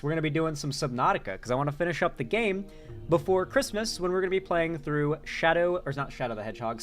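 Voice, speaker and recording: This is a man running a casual commentary stream, talking in a relaxed, rambling way and laughing often. His voice sits a little high for a man, and faint music plays quietly underneath. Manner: laughs often, loose and chatty, reads out viewer donations. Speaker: live-stream commentary host.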